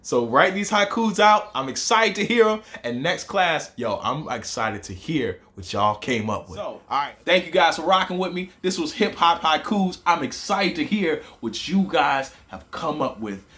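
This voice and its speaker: A young man with a Southern accent, hosting a lively hip hop writing lesson and talking straight to his students. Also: fairly high pitch, normal speed, hardly any pauses. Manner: animated, rhythmic, addresses viewers directly. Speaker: teacher, host of the show.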